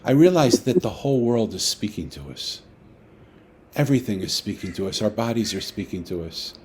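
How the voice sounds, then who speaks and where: A man, an author, telling a personal story in a lively way and acting out the dialogue, over a video call. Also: on the low side, normal speed, slight background noise. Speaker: author guest. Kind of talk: storytelling talk.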